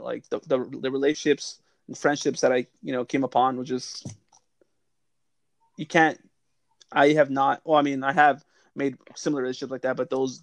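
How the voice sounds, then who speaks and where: A man's voice: medium pitch, vocal fry, no echo. A young man hosting a casual chat, telling old service stories, swearing freely and laughing often. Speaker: podcast host.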